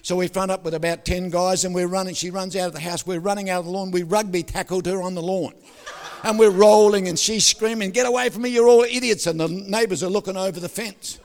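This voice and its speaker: An older man, preaching a sermon with jokes, stories and sudden loud outbursts. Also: high-pitched, steady tone, brisk. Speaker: pastor. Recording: hall reverb.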